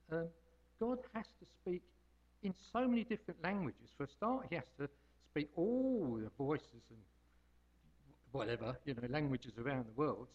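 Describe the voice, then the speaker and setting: Rambling man, lively homely sermon. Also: a little high, highs cut off. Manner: homely, rambling, hesitant with many ums. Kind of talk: informal devotional talk.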